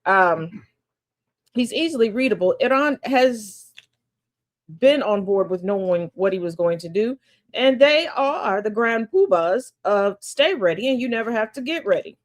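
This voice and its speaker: A woman's voice: medium pitch, animated, a little slow. A woman hosting a daily news commentary stream, talking in a sassy, sarcastic way and laughing often. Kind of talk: casual political commentary.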